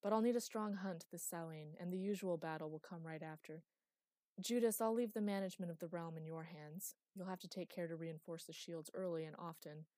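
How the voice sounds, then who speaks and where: A woman's voice: on the low side, brisk, dark tone, no room sound, natural voice. Brief: teasing, evasive immortal mistress of a magic library, audiobook, read by a woman; dry close sound. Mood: serious.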